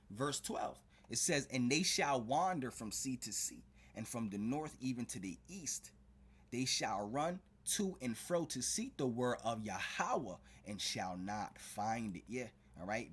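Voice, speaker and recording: A man with a husky, slightly rough voice preaches fervently to his viewers. He punctuates nearly every phrase with "all right?" and "man". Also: medium pitch, fairly bright tone. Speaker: street preacher. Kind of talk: preaching to a video audience.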